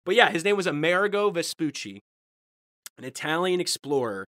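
A man in casual, profane chat, animated and quick to slip into put-on voices. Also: fairly high pitch, dry recording, studio quality.

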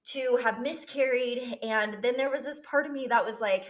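A woman's voice: fairly high pitch, normal speed. Young woman vlogger with a raised voice, telling her story openly and emotionally, with blunt language. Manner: candid and emotional, swears freely. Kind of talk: personal storytelling.

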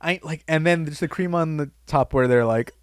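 A young man co-hosting a podcast in casual chat, rambling, swearing and acting out quotes with sudden high jumps in his voice. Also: brisk, dry recording. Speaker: podcast co-host.

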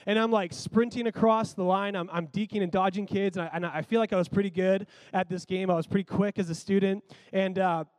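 Man with a high voice, close and dry, for a chatty, animated sermon story. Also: brisk, hardly any pauses, dry recording. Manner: animated, conversational, frequent "like".

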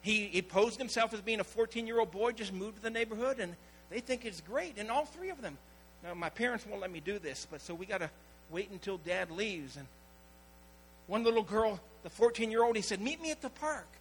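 A man's voice: high-pitched, a little fast, slight background noise, rough recording. A man preaching a sermon as pastor, telling stories and acting out the people in them. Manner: storytelling preacher, acting out quoted voices.

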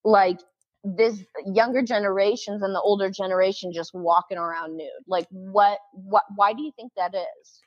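A woman's voice: medium pitch, fairly even intonation, moderate pace, highs cut off. Chatty young woman hosting a podcast. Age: young adult. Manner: chatty, giggly, lots of fillers. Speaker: podcast host. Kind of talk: casual chat.

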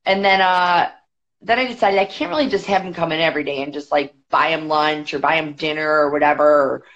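Chatty woman guest with a lowish voice, quick storytelling full of "like", muffled lo-fi podcast sound. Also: fairly bright tone. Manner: chatty, quick, many "like" fillers. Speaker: podcast guest, boxing federation executive. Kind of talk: casual storytelling. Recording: dull lo-fi podcast audio.

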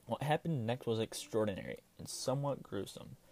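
A man reading a fairy tale aloud in a calm, measured storytelling manner. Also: mid-range voice, gravelly. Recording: voice from a distance.

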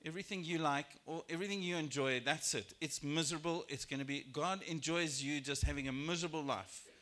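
A man preaching a sermon in church, lively and expressive, acting out biblical characters in raised voices. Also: brisk. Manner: animated, acts out quoted voices with rising pitch and volume. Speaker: pastor. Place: church sanctuary.

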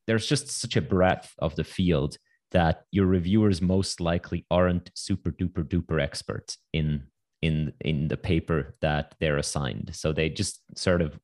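Deep-voiced man, wry podcast guest. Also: darkish tone. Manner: quick, wry, full of asides. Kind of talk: casual interview chat.

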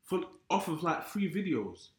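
A man's voice: high voice, sing-song, normal speed, a crowd in the background. A young man, chatting casually and confidently with friends, giving strong opinions. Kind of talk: casual group chat. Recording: roomy echo.

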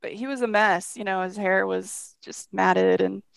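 Gravelly-voiced woman telling a lively story. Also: mid-range voice, measured pace, dry recording, studio quality. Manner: animated storyteller, acts out quotes. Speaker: guest, shelter project manager. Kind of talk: casual conversation.

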